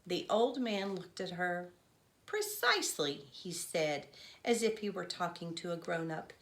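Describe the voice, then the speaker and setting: A woman reading a children's novel aloud in gentle, unhurried narration. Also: on the low side. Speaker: reader.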